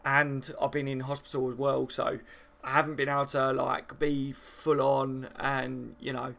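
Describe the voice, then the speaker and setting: On a football live stream, a man from the south of England responds to viewer comments in a loose, filler-heavy ramble. His medium-pitched voice is monotone, a little slow, fairly bright, and marked by vocal fry.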